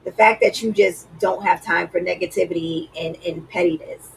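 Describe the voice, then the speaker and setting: A woman's voice: lowish voice, fairly even intonation, normal speed, vocal fry, far from the mic, slight background noise, rough recording. A woman vlogger giving earnest, preachy relationship advice in a casual way, with lots of "like".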